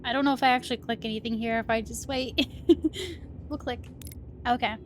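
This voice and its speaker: Chatty high-voiced woman streamer. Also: normal speed, slight background noise. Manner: chatty, amused, reads game text aloud. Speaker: game streamer. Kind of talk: casual let's-play commentary. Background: faint lo-fi music.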